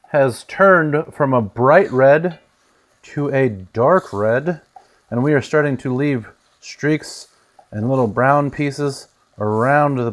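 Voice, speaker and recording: A man hosting a casual cooking demonstration in a home kitchen, chatty and joking, his voice sometimes drifting away from the mic. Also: fairly high pitch. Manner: chatty and joking, with lively swings in loudness. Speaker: home cook host.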